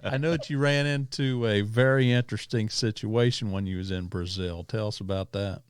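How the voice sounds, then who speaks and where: A man's voice: fairly low pitch, steady tone, moderate pace, clean tone, no room sound, studio quality. A man hosting a casual interview podcast, asking rambling questions and checking the timeline. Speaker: podcast host.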